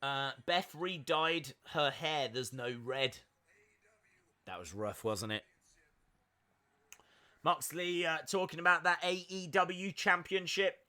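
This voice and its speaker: Sharp-toned and a little high, this young live-stream host talks slowly with long pauses while reacting to wrestling in a casual watch-along. He stays chatty and upbeat, leans on fillers, and reads out the chat.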